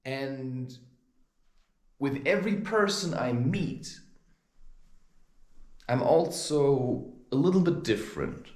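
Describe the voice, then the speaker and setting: A man's voice: mid-range voice, slow pace, long pauses. Guy ranting on his vlog, heated, voice jumping all over, roomy echo. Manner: heated, animated, storytelling. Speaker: spiritual advice vlogger. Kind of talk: ranting monologue.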